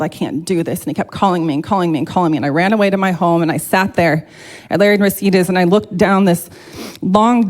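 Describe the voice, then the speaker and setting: A woman's voice: mid-range voice, a little mellow. A woman giving a heartfelt, emotional personal testimony to a church congregation, speaking openly and earnestly.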